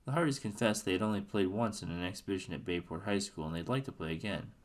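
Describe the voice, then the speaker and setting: A man's voice: low-pitched, fast. A man reading a book aloud casually, now and then stumbling and correcting himself. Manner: stumbles and self-corrects, offhand asides. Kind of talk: casual read-aloud narration.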